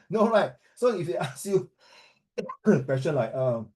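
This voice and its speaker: A male teacher coaches a class with animated energy. His voice sits a little high but sounds mellow and warm. He mixes with Mandarin and acts out sample interview answers. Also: moderate pace, poor audio.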